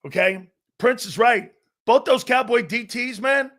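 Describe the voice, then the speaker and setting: A man's voice: very high-pitched, a little slow, a bit bright. A man hosting a sports talk show in a brash, profane, mocking rant.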